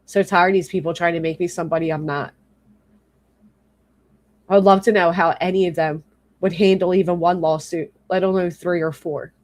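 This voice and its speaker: With a fairly low pitch, steady tone and darkish quality, a YouTube livestreamer rants at a moderate pace, pausing frequently. Her anger spills out in frequent profanity, though she stops to read and thank chat commenters.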